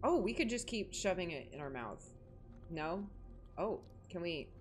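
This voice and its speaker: A woman's voice: fairly low pitch, big pitch swings, measured pace, slight background noise. A young woman hosting a horror game playthrough, joking and reacting dramatically as she plays. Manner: jokey, dramatic, talks to herself and the game. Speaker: gaming video host.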